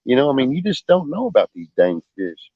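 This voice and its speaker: A man's voice: mid-range voice, wildly swooping pitch, brisk, no echo. A man chatting casually while fishing by a lake at night, rambling and full of fillers. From Oklahoma. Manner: rambling, many fillers, storytelling. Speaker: vlogger, angler. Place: lakeshore outdoors at night. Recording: dull lo-fi outdoor audio.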